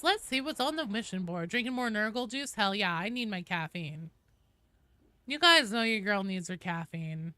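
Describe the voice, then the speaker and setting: A woman's voice: medium pitch, bright, forceful tone, no room sound. A young woman with a West Coast American accent chatting casually and rambling while streaming a game, swearing now and then. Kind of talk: casual gaming livestream chat.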